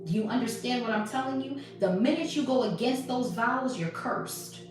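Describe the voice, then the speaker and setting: A woman's voice: fairly high pitch, moderate pace, heavy reverb, far from the mic, faint music behind. A woman giving blunt, profane spiritual commentary as a tarot reader, acting out quoted conversations. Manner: blunt, profane, preachy, acts out quoted exchanges.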